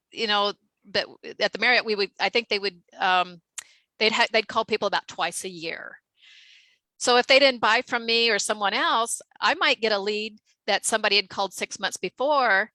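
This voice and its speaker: A woman's voice: medium pitch, moderate pace, sharp tone, no room sound, poor audio. A woman guest telling a story in casual chat, full of fillers and acted-out quotes. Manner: chatty, many fillers, acts out quotes.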